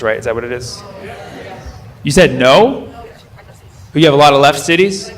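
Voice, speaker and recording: A man from the United States doing stand-up crowd work, questioning the audience in a quick, playful way. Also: on the high side, a bit bright. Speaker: stand-up comedian. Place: comedy club with a live audience. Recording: live stage recording with crowd noise.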